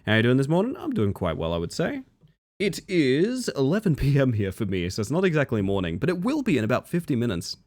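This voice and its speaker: A man's voice: mid-range voice, wildly swooping pitch, quick pace, darkish tone, no echo. An Australian man chatting casually with his viewers while he plays a game, muttering to himself and breaking into sudden exclamations. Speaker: streamer. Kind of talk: casual live-stream chat while gaming.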